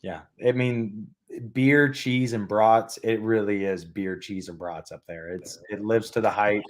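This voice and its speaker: A young man from Alabama chats as a podcast guest over a remote call. His voice sits somewhat low, and he talks in an easygoing way, thinking aloud with plenty of ums. He speaks casually and unhurriedly. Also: fairly even intonation, a little slow. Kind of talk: casual interview chat.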